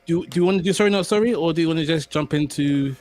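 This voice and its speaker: Young male co-host, lively storyteller, light voice, stumbles over his words. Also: a little high, fast talker. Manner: animated storyteller, stammers and repeats words. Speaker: podcast co-host. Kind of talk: casual chat.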